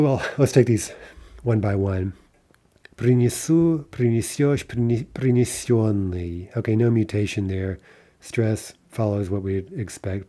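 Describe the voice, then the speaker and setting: A man teaching a grammar lesson in a relaxed lecture style, often checking in with "right?" and "okay" as he walks through examples. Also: on the low side. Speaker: language teacher.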